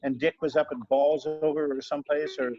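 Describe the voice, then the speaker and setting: A man's voice: on the high side, level tone, fairly quick, warm tone. An older man telling a family story and a joke in a rambling, repetitive way on a video call. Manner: rambling, repeats himself while telling a joke. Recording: muffled video call audio.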